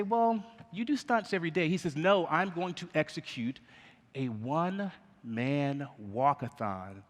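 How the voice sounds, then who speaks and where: A man telling a story at a conference, acting out the voices and putting questions to the audience. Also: on the high side. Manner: animated, acts out voices in anecdotes. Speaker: conference speaker. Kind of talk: storytelling keynote talk. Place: conference hall. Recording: reverberant conference hall.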